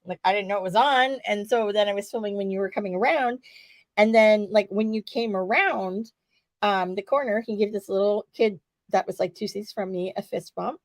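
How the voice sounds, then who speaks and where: A woman hosting a casual podcast, excitedly retelling a story and swearing freely. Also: mid-range voice, normal speed, dry recording. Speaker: podcast host.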